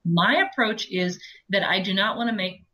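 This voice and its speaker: A woman with a low voice, an audiobook narrator talking through her approach in a chatty, explanatory interview. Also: normal speed, pushed and bright, low-quality recording. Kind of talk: conversational interview.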